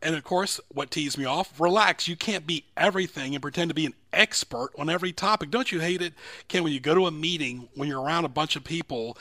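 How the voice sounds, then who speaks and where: Bright-voiced radio host, emphatic. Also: male voice, a little high, fast, dry recording, studio quality. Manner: emphatic, rambling opinions. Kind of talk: casual radio talk. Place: radio studio.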